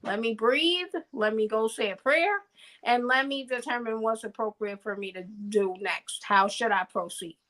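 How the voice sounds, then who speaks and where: High, bright-voiced earnest woman. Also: normal speed, poor audio. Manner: earnest, musing, often asks "you know what I mean?". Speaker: podcast co-host. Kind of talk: casual reflective chat.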